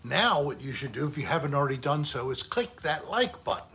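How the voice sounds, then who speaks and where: A man's voice: fairly high pitch, big pitch swings, a little fast, pushed and bright, a little hiss or hum. A man hosting a casual livestream chat, joking and trying bad accents when asked. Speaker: host.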